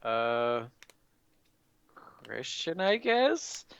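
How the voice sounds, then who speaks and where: Co-host, slow and reactive, bright voice, muffled lo-fi sound. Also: mid-range voice, big pitch swings, clear, resonant tone.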